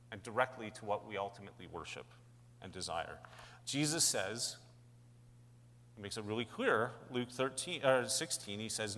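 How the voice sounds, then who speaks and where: A man preaching a sermon as pastor, conversational, asking questions and building to animated peaks. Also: medium pitch, in a large hall, a little hiss or hum.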